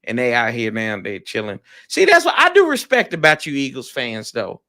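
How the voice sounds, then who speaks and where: Animated trash-talking man, sports debate. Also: medium pitch, moderate pace. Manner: teasing, animated, bursts of loud outrage. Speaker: rival fan guest.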